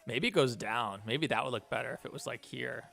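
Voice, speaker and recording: A man's voice: medium pitch, fairly quick, creaky, sharp tone, soft background music. A man streaming as an animator, chatting casually and thinking aloud while he works. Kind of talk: casual live stream chat.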